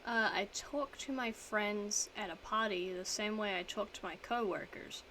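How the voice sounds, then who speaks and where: A woman's voice: medium pitch, moderate pace, bright, forceful tone, a little hiss or hum, rough recording. A young woman streaming from home, chatting casually as she reads quiz statements aloud and answers them in a rambling, self-mocking way.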